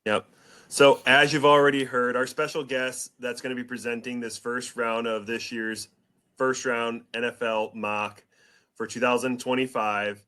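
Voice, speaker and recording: A man hosting a casual sports podcast, excitable and hype-building, rambling a little as he talks. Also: mid-range voice, a little slow. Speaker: podcast host.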